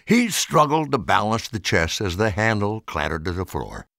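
An elderly man in his eighties reads a storybook aloud, his lowish voice rising and falling in wide sweeps. The delivery is expressive and animated. The sound is dry and close. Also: moderate pace, vocal fry, dry recording. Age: 80s. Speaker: narrator.

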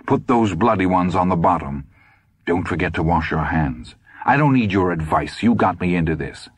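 A man's voice: deep voice, expressive, moderate pace, slightly rough, no room sound. A man voicing a panicked, frantic teenage boy in an audiobook. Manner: frantic, strained.

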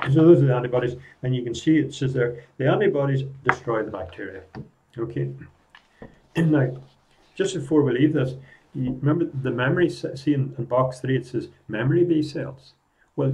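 Throat-clearing teacher, mellow voice. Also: male voice, medium pitch, rough recording. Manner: repetitive, explaining step by step, keeps clearing his throat. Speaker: biology teacher. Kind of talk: recorded classroom lesson.

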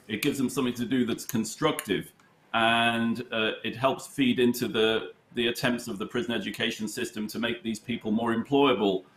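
A man being interviewed about his chess charity, telling anecdotes in a halting way with many fillers and a dry humour. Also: mid-range voice, steady tone, a bit bright, a little hiss or hum. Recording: roomy echo.

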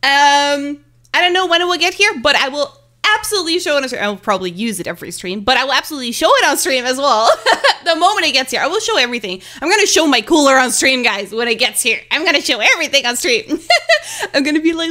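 Chatting casually with viewers during a home game stream, a woman speaks into a desk mic up close, giggling, flustered, apologizing, and a bit sick. Her voice sits high with a sharp tone, and she talks fast and animatedly.

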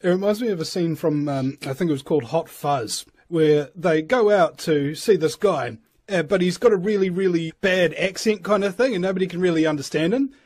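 A man's voice: a little high, brisk, a little mellow, breathy edge. A male host in casual interview chat, joking and explaining things in plain terms.

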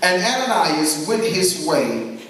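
A man's voice: on the high side, sing-song, fairly bright tone. A man preaching a church sermon, reading scripture aloud and calling on the congregation to answer back. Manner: call-and-response, drawn-out emphatic reading. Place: church sanctuary. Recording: very echoey church, mic at a distance.

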